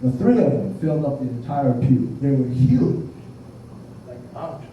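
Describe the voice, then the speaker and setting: This older Buddhist minister speaks at medium pitch and a moderate pace, expressive as he tells his blunt, funny sermon in a chatty storytelling style. Some faint background noise can be heard, and the sound comes from far off in a muffled, echoing hall.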